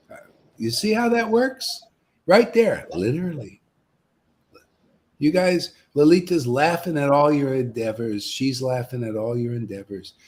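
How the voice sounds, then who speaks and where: A man leading an informal spiritual discussion on a live stream, preaching emphatically, tacking "man" onto his lines and swinging between mocking and excited. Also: medium pitch.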